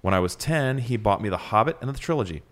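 A man's voice: fairly low pitch, expressive, fast, close to an everyday voice. A man putting on a put-on Southern accent to voice a chirpy woman listener reading out her letter. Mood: cheery.

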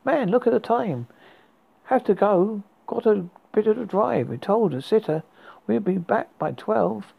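A man's voice: sits high, expressive, measured pace, vocal fry, husky, narrow, tinny audio, heavily acted. A man voicing a friendly, eager middle-aged man who is meeting an old classmate again, read in a horror story.

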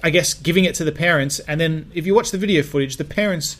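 Brief: male podcast co-host, slightly high voice, loose rambling delivery full of fillers and laughs. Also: quick pace, fairly bright tone. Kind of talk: casual comedy chat.

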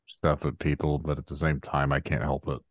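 A podcast co-host chatting casually in a wry, matter-of-fact way. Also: male voice, very deep voice, level tone, fairly quick, no room sound, studio quality. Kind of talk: casual chat.

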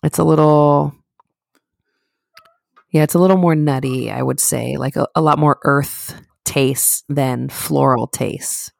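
A woman's voice: sits low, fairly even intonation, slow pace, vocal fry, a little mellow, dry recording, studio quality. A young woman co-hosting a podcast, telling rambling stories in casual chat with lots of laughs and restarts. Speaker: podcast co-host.

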